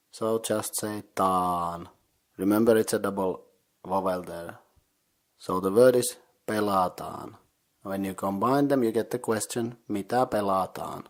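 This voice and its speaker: A man's voice: on the low side, darkish tone. A man hosting a podcast, giving a casual mini language lesson, who explains patiently step by step while sitting in an unheated sauna. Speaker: podcast host.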